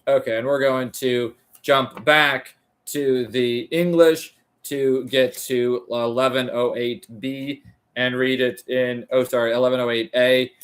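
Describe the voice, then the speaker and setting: A man with an American accent reading a classic text aloud on a livestream in a careful, halting way, stopping to restart on hard words and talking casually to viewers between passages. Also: medium pitch, steady tone, fairly bright tone, clear, resonant tone.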